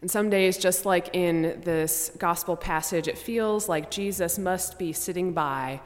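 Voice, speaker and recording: A woman pastor preaching a measured sermon, her voice softening to a hush on sombre lines. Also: fairly low pitch. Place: church sanctuary. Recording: long church reverb.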